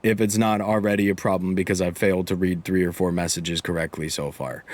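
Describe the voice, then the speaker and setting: A man's voice: low voice, fairly even intonation, a little fast. A man streaming a video game live, chatting casually with viewers and swearing freely. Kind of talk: casual live-stream chat while gaming.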